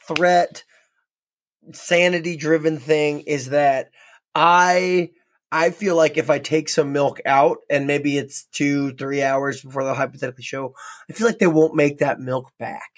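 A man from North Dakota co-hosting a casual podcast chat, talking in an animated way with lots of restarts and quick laughs. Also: a little high. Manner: chatty, laughing, stumbling restarts. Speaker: podcast co-host.

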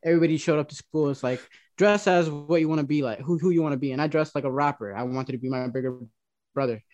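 A man in his twenties, a rapper and producer guest, talking casually in a quick, slangy way full of fillers like "like". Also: fairly high pitch, darkish tone, dry recording, highs cut off. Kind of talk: casual chat.

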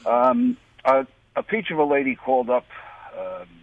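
A man's voice: fairly high pitch, very animated, normal speed, dry recording. American man on a tinny phone line. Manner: indignant, persistent, sarcastic. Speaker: caller. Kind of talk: call-in radio argument.

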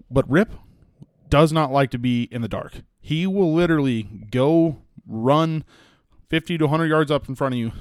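A young Texan man rambles through a casual solo podcast in an easygoing, folksy way, with lots of "you know" and "like". His voice comes through smooth and clear on a close mic in a dry, dead room. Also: fairly high pitch, no echo. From West Texas. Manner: rambling, folksy storytelling with frequent fillers. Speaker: podcast host and hunting guide.

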